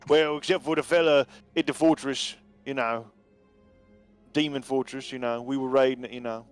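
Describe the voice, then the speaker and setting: A man's voice: medium pitch, steady tone, normal speed, smooth, lightly acted. A man voicing a rambling male orc prisoner who keeps trailing off with "you know," in a tabletop game with faint music behind. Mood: chatty.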